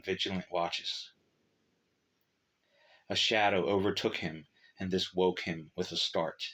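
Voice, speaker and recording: Deep-voiced man reading a story. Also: a bit bright. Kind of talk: storybook narration.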